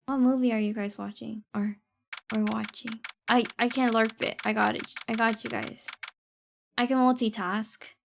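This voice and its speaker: A woman's voice: on the high side, flat delivery, moderate pace, gravelly, noisy background. A woman streamer chatting playfully with viewers while playing a game. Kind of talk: casual game stream chat. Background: game music.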